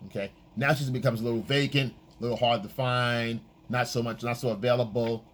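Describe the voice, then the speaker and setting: A man coaching on dating in a casual, profane monologue, acting out quoted lines in a high voice. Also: steady tone, a little fast, a bit bright, a little hiss or hum.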